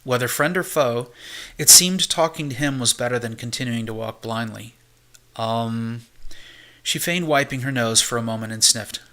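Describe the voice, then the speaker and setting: Male amateur audiobook narrator, steady and measured, bright voice. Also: mid-range voice.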